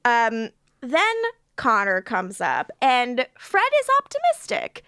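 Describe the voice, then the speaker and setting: A woman's voice: fairly high pitch, wildly swooping pitch, slow, bright, forceful tone, clear, resonant tone, no echo, studio quality. A woman co-hosting a casual rewatch podcast, laughing often and acting out characters' lines. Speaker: podcast co-host.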